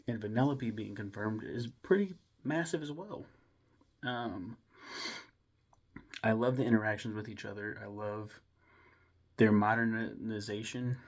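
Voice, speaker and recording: A fairly low-pitched young man talks through a movie review in a loose, rambling way. He gets enthusiastic, trips over his own restarts and swears casually as he goes. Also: a little mellow, lo-fi sound. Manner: rambling and enthusiastic, with mild swearing and self-interruptions. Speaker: film reviewer. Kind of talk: casual film review monologue.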